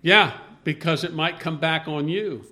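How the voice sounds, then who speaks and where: A man leading an informal Bible discussion, rambling and halting with many restarts as he quotes scripture. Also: a little high, bright, forceful tone.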